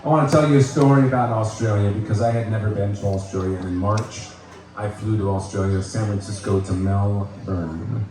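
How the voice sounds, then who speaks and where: A man's voice: on the low side, steady tone, fast, music in the background. A man from the United States telling a stand-up story to a live crowd, loose and laughing as he talks. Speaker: stand-up comedian. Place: bar with live audience. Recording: echoey venue, crowd noise, mic at a distance.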